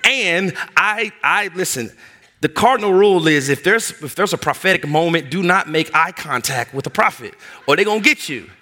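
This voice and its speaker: A middle-aged male pastor preaching a sermon, telling a personal story in an animated way and acting out the voices in it. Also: high-pitched, normal speed. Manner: animated, acts out voices in anecdotes.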